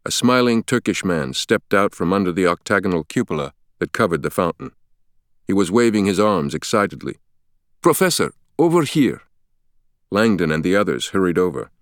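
A man narrates a thriller audiobook in a measured, even storytelling delivery. His voice sits very low. The recording is dry and close, with no room sound. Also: smooth, dry recording. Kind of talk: scripted narration.

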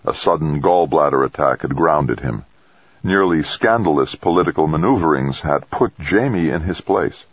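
Deep low guy narrating a novel, husky voice, dull dry recording. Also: lively intonation, moderate pace, no echo. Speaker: audiobook narrator. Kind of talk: scripted narration.

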